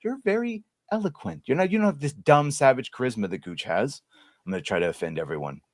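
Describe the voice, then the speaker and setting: A man's voice: mid-range voice, lively intonation, fast talker, dry recording. Jokey guy hosting a livestream, voice jumps all over, dry close mic. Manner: joking, playful, swings loud and soft. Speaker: podcast host. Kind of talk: casual livestream chat.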